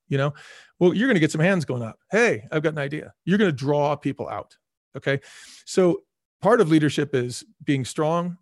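A middle-aged man speaking as an interview guest, telling animated stories and acting out quoted dialogue with lots of fillers. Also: on the high side, dry recording, studio quality. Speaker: guest, restaurant executive.

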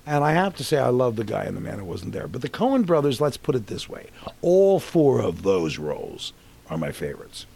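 Husky and creaky at medium pitch, a man in his sixties speaks fairly quickly as an actor guest in a casual interview. He rambles through animated career stories, restarting as he goes.

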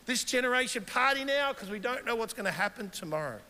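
A middle-aged Australian man preaching a sermon in a church, telling animated personal stories. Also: extremely high pitch, fast, few pauses. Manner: animated storytelling, mimics his wife in quoted dialogue. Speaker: guest pastor. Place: large church hall. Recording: long hall reverb.

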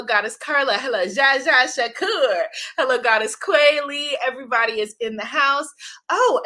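An effusive woman hosts a live stream and greets her viewers one by one by name. Her voice sits a little high and rings bright and forceful. She laughs easily and keeps the energy up. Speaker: host of a live stream, oracle deck author. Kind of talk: enthusiastic live-stream chat.

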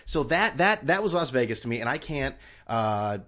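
A man's voice: mid-range voice, sing-song, normal speed, sharp tone. Rambling, sarcastic male podcast host. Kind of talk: casual solo podcast rant.

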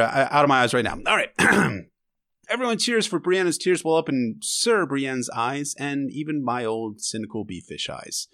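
A man's voice: medium pitch, expressive, moderate pace, a bit bright. A man hosting a podcast who recaps an episode in casual chat, full of emotional and wry, sarcastic asides. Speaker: podcast host.

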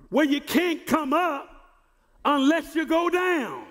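A male pastor preaching a sermon who repeats and restarts words and builds to shouted emphasis. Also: very high-pitched, big pitch swings, slow, in a large hall. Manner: repeats words and stumbles on starts.

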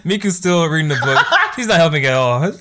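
Animated man reviewing anime. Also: on the high side, fairly quick, background noise. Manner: animated, slangy, laughing often. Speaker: host. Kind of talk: casual anime review chat.

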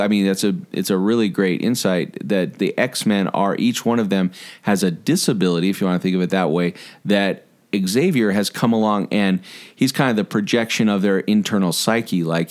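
A man who is a psychologist, explaining ideas in a thoughtful, measured way in a casual podcast chat. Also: sits low, darkish tone.

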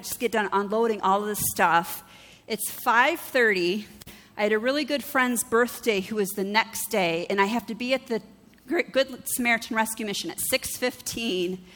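A woman pastor preaching a sermon, telling personal stories with animated delivery and acting out other people's lines. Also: medium pitch. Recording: long hall reverb.

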